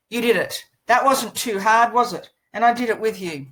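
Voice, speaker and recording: A woman presenting a course lesson, telling a personal story in a lively way and encouraging the listener, speaking seated into a laptop microphone. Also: on the high side, moderate pace, poor audio.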